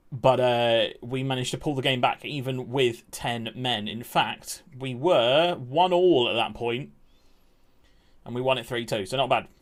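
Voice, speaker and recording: Slightly winded, this young game streamer chats casually with his live-stream audience, calling out viewers by name and cursing occasionally. His voice is mid-range with a fairly bright tone.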